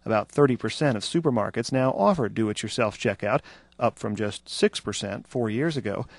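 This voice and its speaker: A man's voice: fairly low pitch, gravelly, no echo. Male radio news reporter. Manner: measured, even delivery. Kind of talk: scripted news narration.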